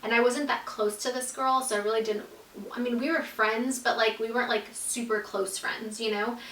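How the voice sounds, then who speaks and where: A chatty woman tells a personal story straight to camera, sprinkling "like" through every sentence. Her voice sits a little high and sounds bright and forceful. She is recorded from a few feet off in an echoey room. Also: fairly even intonation, moderate pace, far from the mic, a little hiss or hum. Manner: chatty, fills speech with "like", acts out quoted dialogue. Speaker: YouTube storyteller. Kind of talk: casual storytime monologue.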